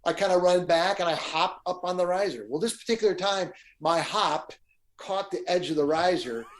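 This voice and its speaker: A man's voice: sits high, moderate pace. A middle-aged man, a guest musician, telling stage anecdotes in a casual chat and acting out the quotes. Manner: animated anecdote teller, acts out quotes.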